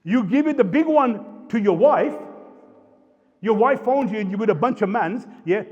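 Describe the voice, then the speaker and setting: Blunt Birmingham man lecturing a live audience, high-pitched, heard in a reverberant hall. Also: lively intonation, moderate pace. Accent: Birmingham English. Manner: blunt, scolding, street-style slang. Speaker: panel speaker. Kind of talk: impassioned live talk. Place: community centre hall. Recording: roomy hall, dull sound.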